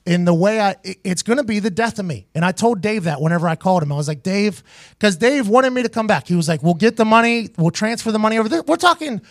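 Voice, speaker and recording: Male host, raspy high-ish voice, brash locker-room storyteller who cusses and laughs, dry booth. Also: fast, no echo. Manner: animated, profane, laughs through his stories. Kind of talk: casual storytelling.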